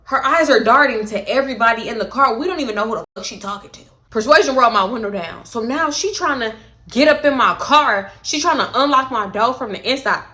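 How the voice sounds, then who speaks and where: A young woman telling a story in a casual vlog, animated and profane, with dramatic retellings. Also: a little high, fairly quick. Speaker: storytime vlogger.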